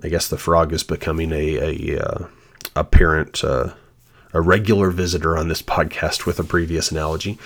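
Deep-voiced man giving earnest devotional talk. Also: level tone, moderate pace, a bit bright. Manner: earnest and reflective, shares personal testimony. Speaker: podcast host.

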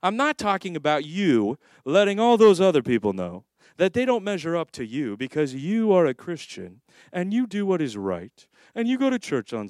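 A man's voice: fairly high pitch, darkish tone, dry recording, clean studio sound. A middle-aged man preaching a sermon as pastor, chatty and conversational, slipping into acted voices and asides.

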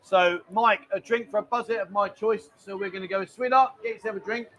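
A man's voice: high-pitched, fairly even intonation, a little fast, a bit bright, rough recording. A man with a London accent hosting a casual live show, chatty and joking, often calling people mate and darling. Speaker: host. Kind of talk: casual chat.

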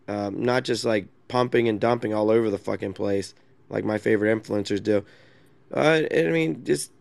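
A man's voice: medium pitch, vocal fry, dry recording. A man hosting a casual chat in an online audio room. He speaks in a brash, mocking way and swears a lot. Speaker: host.

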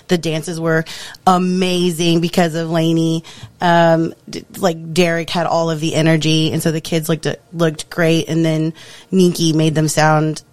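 Giggly woman, low and dry. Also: dry recording. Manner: gushing, self-deprecating, giggly. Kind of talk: casual chat.

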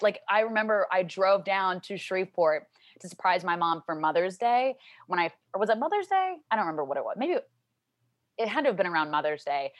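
A talkative young woman from Louisiana tells her stories in a lowish voice. The sound is close and dry, with no room around it. She jumps into high, excited voices whenever she plays her family. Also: dry recording. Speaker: guest. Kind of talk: casual interview chat.

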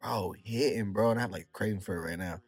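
A man's voice: lowish voice, quick pace, breathy edge, no room sound. A man hosting a casual podcast chat, laid-back and chatty, with a dry close mic. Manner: laid-back, chatty, says "bro" a lot. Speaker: podcast host.

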